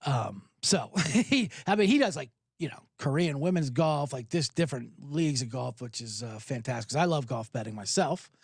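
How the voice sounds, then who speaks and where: A man's voice: medium pitch, lively intonation, moderate pace, slightly rough, no room sound, clean studio sound. A man hosting a sports betting podcast, talking in a hyped, rambling way, swearing and spinning jokey analogies. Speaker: podcast host.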